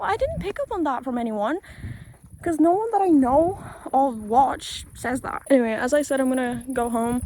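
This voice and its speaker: Chatty young Polish woman with British-tinged English. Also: on the high side. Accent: British-tinged English with a Polish background. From Poland. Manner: chatty, loose and sweary, with frequent "like" fillers. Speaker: vlogger. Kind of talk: casual rambling vlog. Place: outdoors on a quiet rural road. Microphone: handheld phone while walking.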